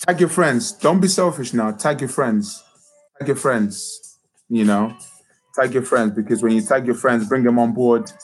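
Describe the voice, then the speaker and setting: A man's voice: medium pitch, unhurried, breathy edge, soft background music, poor audio. A man, a motivational speaker and youth coach, hosting a live stream talk, upbeat and repeating phrases as he addresses viewers directly. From United Kingdom.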